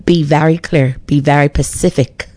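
A woman's voice: deep voice, fairly even intonation, normal speed, dark tone, dry recording. A middle-aged woman, giving emphatic, preachy faith encouragement on a radio talk show. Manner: emphatic, preachy, with frequent restarts.

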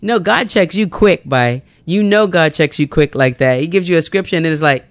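A woman's voice: sits low, animated, moderate pace, hardly any pauses, dry recording. A young woman hosting a gospel radio show, chatting casually and reading scripture, laughing often and acting out her own talks with God. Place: radio studio. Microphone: studio microphone.

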